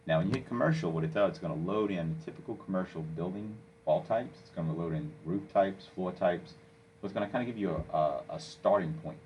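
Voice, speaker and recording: A man walking a listener through software step by step, coaching and checking in with "okay?" as he goes. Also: sits low, a little fast, muffled recording, slight background noise. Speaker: software instructor. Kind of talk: screen-recorded software tutorial.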